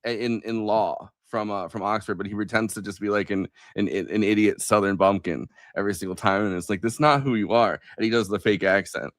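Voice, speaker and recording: A man co-hosting a podcast, chatting casually about politics with many halting restarts and laughs. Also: fairly low pitch, fairly even intonation, a bit bright, no room sound, studio quality. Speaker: podcast co-host.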